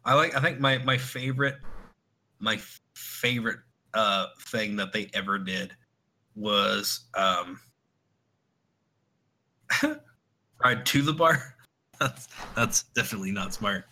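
This podcast co-host rambles through stories in a casual chat, laughing a lot and acting out quotes. His lowish voice has a sharp tone, and he goes slowly with long pauses.

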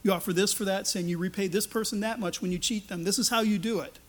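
A man's voice: sits high, fairly even intonation, fast, fairly bright tone. A man preaching a sermon, speaking emphatically and voicing God in the first person, with frequent restarts. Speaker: pastor.

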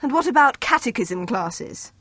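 A woman voicing a stern, formidable young village priest who speaks in a dry, brisk way. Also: a little high, sing-song, fairly bright tone, breathy edge, no echo, exaggerated voice.

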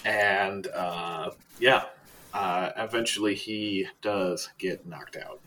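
A man narrating a tabletop role-playing game as game master, casual and halting, with many fillers. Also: sits low, sharp tone, a little hiss or hum, low-quality recording.

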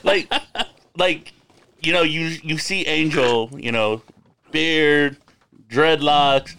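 A man filling in as podcast co-host, teasing and chiming in with quick remarks. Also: a little high, creaky, bright, forceful tone, smooth. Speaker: guest co-host. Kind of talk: casual chat.

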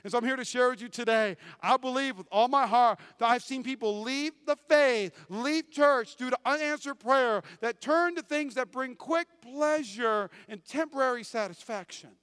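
A man preaching a sermon as pastor, swinging between loud declarations and quiet asides. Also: very high voice, normal speed, hardly any pauses, clean tone, no room sound.

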